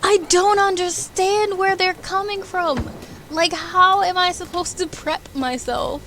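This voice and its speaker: A woman's voice: very high-pitched, fairly even intonation, measured pace, a little hiss or hum. A woman streamer giving casual live commentary over a game, exasperated and talking back at the enemies on screen. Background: loud game music.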